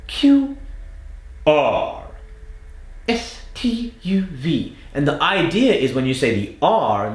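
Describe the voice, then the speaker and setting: An Australian man teaches pronunciation drills in a patient, emphatic way, his pitch rising and falling freely. He slows down to stress key words. The sound carries a clear room echo. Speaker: accent coach. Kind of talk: instructional lesson with spoken demonstrations.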